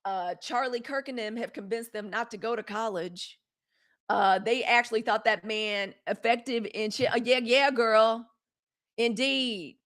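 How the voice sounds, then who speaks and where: A woman in hosting a live news show, talking straight to her viewers in a sassy, animated way. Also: a little high, unhurried. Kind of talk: casual live-stream commentary.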